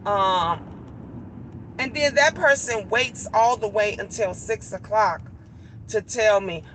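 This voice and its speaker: A woman's voice: medium pitch, slow pace, fairly bright tone, slight background noise, poor audio. Chatty woman vlogging from a car. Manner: rambling, emphatic storytelling with many restarts. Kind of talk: casual chat.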